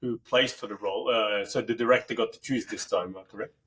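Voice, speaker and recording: A man's voice: fairly low pitch, steady tone, fast, fairly bright tone. A man hosting a podcast, who chats in an encouraging, conversational way and asks follow-up questions. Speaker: podcast host. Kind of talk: casual podcast interview.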